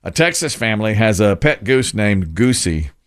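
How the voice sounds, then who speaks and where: A man hosting a casual talk show, his pitch rising and falling freely as he reads offbeat news. He tosses in jokes and teasing asides between the facts. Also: sing-song, moderate pace, clear, resonant tone. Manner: jokey, reads news stories aloud with playful asides. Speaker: radio show host. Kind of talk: casual morning show banter.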